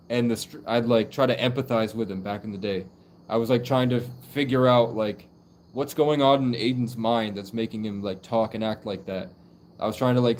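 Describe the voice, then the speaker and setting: Over a little hiss or hum, a young man with a medium-pitched, darkish voice talks casually on a livestream. He rambles loosely and leans heavily on "like" as a filler.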